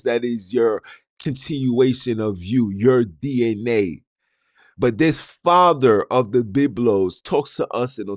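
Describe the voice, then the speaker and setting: Speaking directly to his audience, a male podcast host argues his case in a monologue packed with rhetorical questions. His voice is mid-range, and the clean studio recording has no room sound.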